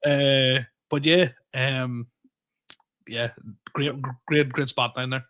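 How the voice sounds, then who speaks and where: A man with a Tyrone accent in casual podcast chat. He spins animated anecdotes, slips into the voices of the people in them and laughs often. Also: medium pitch, slow. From Middle East. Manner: animated storytelling, acting out quoted dialogue, laughing often. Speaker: podcast co-host, comedian.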